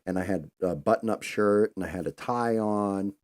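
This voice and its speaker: Host, male, low and mellow, casual rambling storyteller. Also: moderate pace. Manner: rambling, loose, conversational. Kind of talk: casual live-stream storytelling.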